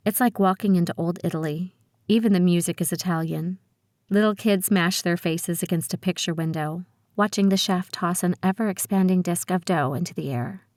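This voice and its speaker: A woman's voice: on the low side, a little mellow, no echo, clean studio sound. Woman narrating an audiobook in first person.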